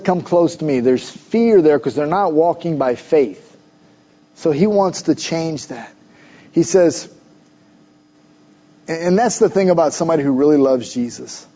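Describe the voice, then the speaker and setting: Pastor, male, middle-aged; high mellow voice, chatty animated sermon, dull lo-fi recording. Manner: conversational, animated preaching with asides.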